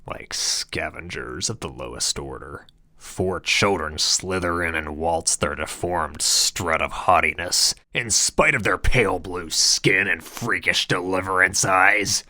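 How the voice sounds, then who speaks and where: Man narrator, very low, bright tone, crude and sardonic. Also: dry recording. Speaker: audiobook narrator. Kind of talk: scripted narration.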